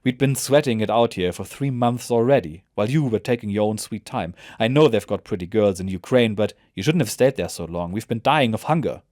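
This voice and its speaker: A man's voice: lowish voice, animated, brisk, hardly any pauses, a little mellow, no echo, studio quality, lightly acted. A man voicing a tired, wry frontline soldier. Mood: grumbling.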